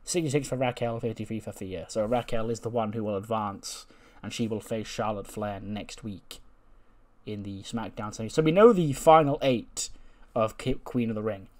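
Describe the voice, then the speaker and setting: A man's voice: on the low side, normal speed. A man casually narrating a wrestling management game, rambling with plenty of fillers. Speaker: game commentator.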